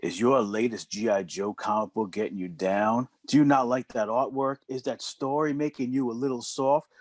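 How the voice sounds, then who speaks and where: A man putting on a low, slow, seductive voice as a suggestive pitchman in a parody commercial, heard over a video call. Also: steady tone, dry recording, close to an everyday voice. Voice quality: low breathy seductive purr, slow drawn-out delivery. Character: sultry male ad pitchman, smooth and suggestive.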